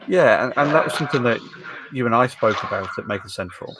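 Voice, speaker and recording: A man's voice: medium pitch, animated, quick pace. A man hosting a casual podcast chat, mostly giving brief agreeing replies. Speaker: podcast host. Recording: audible background noise.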